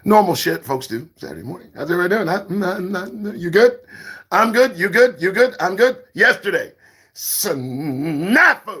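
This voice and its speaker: Guy doing a cursing morning show rant, high bright voice, jumps from yelling to whispering. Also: husky. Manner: animated, swings between shouting and whispering; profane, preachy. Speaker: show host. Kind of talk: profane morning show monologue.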